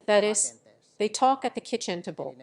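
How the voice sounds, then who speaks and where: A woman reading a translated lecture and its audience questions, in an even, measured way, announcing each question and answer. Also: mid-range voice. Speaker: narrator voicing a lecture Q&A.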